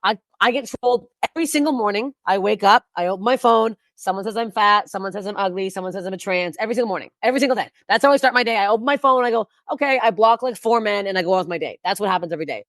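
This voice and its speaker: A woman's voice: mid-range voice, racing, few pauses, a bit bright, no echo, studio quality. A woman comedian talking bluntly and profanely in a casual podcast chat, rambling with frequent restarts. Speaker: guest comedian.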